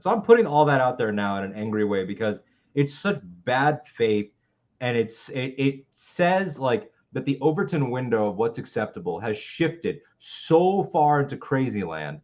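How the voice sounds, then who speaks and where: A man's voice: medium pitch, very animated, moderate pace, a little mellow, highs cut off. Fired-up young man ranting on politics. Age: 20s. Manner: impassioned, profane ranting. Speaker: co-host. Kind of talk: live political talk show.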